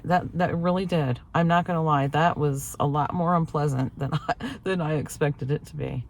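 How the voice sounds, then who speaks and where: A woman's voice: deep voice, normal speed. A woman in her forties telling a story casually to her viewers, acting out the voices of others and laughing often. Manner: chatty storytelling, acts out quoted lines, laughs often. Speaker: vlogger. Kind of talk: casual chat to camera.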